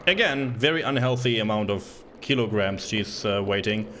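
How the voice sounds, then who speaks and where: A man's voice: lowish voice, animated, normal speed, sharp tone, a little hiss or hum. Man reading game text on stream. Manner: reads on-screen text aloud, joking asides. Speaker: streamer playing a retro game. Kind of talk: casual live commentary.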